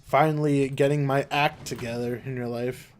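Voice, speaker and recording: A young man streaming a game live, chatting casually in a flat monotone with lots of fillers and restarts. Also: moderate pace, a little hiss or hum. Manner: flat monotone, low-energy delivery; rambling with many fillers and restarts. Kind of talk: casual live-stream chat while gaming.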